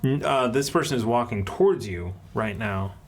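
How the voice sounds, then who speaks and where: Gravelly man narrating as game master. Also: mid-range voice, normal speed, slight background noise. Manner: hesitant, many fillers and restarts. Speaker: dungeon master.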